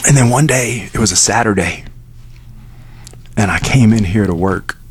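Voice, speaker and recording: A man's voice: slow, breathy edge. A man who works as a radio DJ, speaking from the station studio and telling a personal story candidly, acting out the dialogue in it. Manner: candid storytelling, acts out dialogue with lifted pitch.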